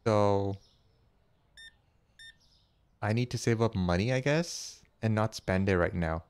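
Gaming host, male, slow easy delivery, clean dry close sound, chatty and easily startled. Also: mid-range voice, clean tone, dry recording. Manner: chatty, thinks aloud, counts money out loud. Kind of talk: casual let's-play commentary.

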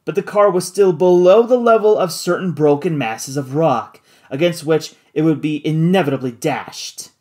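A narrator reading a classic adventure novel aloud in an expressive, dramatic way. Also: medium pitch, normal speed, hardly any pauses. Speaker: audiobook narrator.

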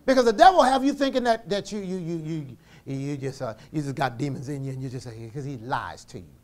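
A man delivers a sermon, calling on his congregation to answer back as he shifts between fervent shouting and quiet, intimate speech. His delivery is animated and a little fast.

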